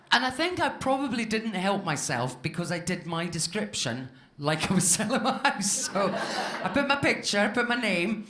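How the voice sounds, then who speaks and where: A woman's voice: mid-range voice, big pitch swings, normal speed, background noise. A woman in her fifties from Scotland doing a stand-up comedy set on a club stage, chatty and self-mocking, talking straight to the crowd. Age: 50s. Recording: live club room with echo and audience laughter. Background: audience laughter.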